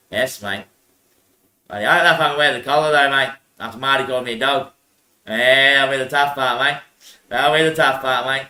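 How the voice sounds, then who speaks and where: Man hosting a rambling solo show, piercingly bright and a touch high, laughs a lot, drops to muttered curses. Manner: calls the listener son and mate. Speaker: show host. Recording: roomy echo.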